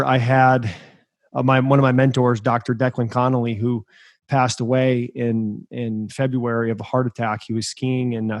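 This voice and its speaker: A man hosting a podcast, telling a story in an emphatic, energetic way. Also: medium pitch, dry recording. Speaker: podcast host.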